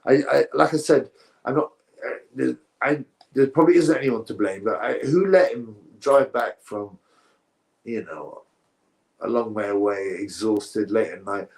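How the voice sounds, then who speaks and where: A man hosting a live boxing stream, speaking in a plain mid-pitched voice. He rambles through viewer comments with strong opinions, stumbling and restarting his sentences as he goes. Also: measured pace, creaky, darkish tone. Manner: rambling, opinionated, frequent self-corrections.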